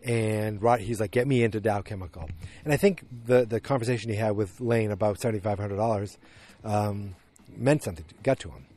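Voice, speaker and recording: A man's voice: lowish voice, fairly quick, few pauses, dark tone. A man casually recapping a TV episode, rambling with lots of fillers and restarts. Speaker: show recapper. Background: dogs barking.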